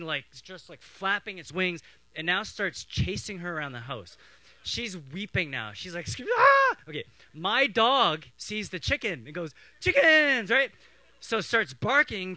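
A middle-aged man from Canada preaching a sermon, his voice bright and sharp with a slightly raised pitch. He tells childhood stories in an animated way, acting out the voices of his family as he goes. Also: no room sound, rough recording. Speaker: pastor.

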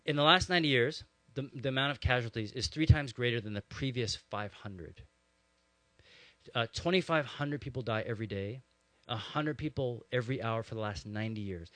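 A man preaching a sermon, telling stories in a lively, conversational way with frequent asides to his listeners. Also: medium pitch, brisk, no echo. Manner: animated storytelling with conversational asides. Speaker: pastor.

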